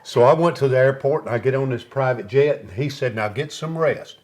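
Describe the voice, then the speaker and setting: Speaking briskly in a medium-pitched voice, a man guesting on an interview show spins stories and vividly acts out other people's lines in this casual conversation.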